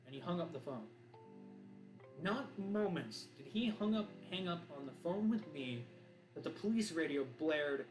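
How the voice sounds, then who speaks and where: A male streamer telling a dramatic story in an animated way. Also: on the high side, normal speed, roomy sound, low-quality recording. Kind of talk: improvised spoken storytelling. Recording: voice over loud background music.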